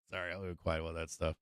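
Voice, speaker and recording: A man's voice: sits low, clear, resonant tone, no room sound. Swearing middle-aged man ranting on stream. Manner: profane ranting, lots of swearing and laughter. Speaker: livestream stock trading host. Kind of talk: casual livestream chat.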